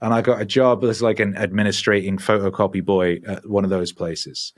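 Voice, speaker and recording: Brief: middle-aged man, lowish voice, profane and animated storyteller. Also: fairly quick. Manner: swears freely, animated and rambling. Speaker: podcast guest. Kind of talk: casual storytelling.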